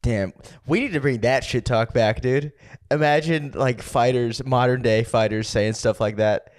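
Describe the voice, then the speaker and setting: A young adult man co-hosting a comedic podcast, reacting with quick interjections and laughing riffs. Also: mid-range voice. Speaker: podcast co-host. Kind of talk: casual comedic chat.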